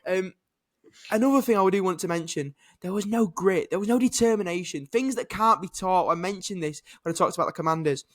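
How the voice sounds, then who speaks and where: High-voiced British man ranting. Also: a little fast. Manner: animated, ranting, swears and laughs. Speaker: podcast co-host. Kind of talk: casual sports chat.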